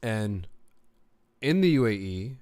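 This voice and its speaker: A man's voice: fairly low pitch, sing-song, slow pace, a little mellow. A man who grew up in the Gulf, hosting a casual live stream from home. He answers comments, tells rambling stories and thinks aloud while solving a word puzzle, laughing often. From United Arab Emirates.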